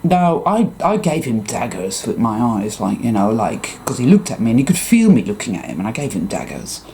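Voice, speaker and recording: An English man rants through a casual vlog story, swearing often and mimicking the people he meets. His voice is dark and mellow, yet the pitch swings about freely as he tells it. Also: brisk, a little hiss or hum. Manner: profane, animated storytelling. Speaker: vlogger. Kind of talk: casual ranting monologue.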